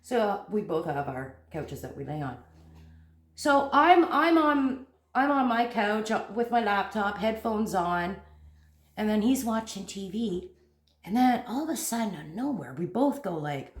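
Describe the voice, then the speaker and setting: A woman hosting a crochet channel, telling a story to camera in a casual, animated and jumpy way, laughing at herself. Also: mid-range voice, a little slow. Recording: echoey room.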